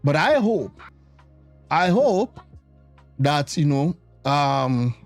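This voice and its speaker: A man's voice: a little high, sing-song, extremely slow, no echo, faint music behind. A man giving casual, musing political commentary, often repeating himself as he thinks aloud. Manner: musing, hesitant, repeats words.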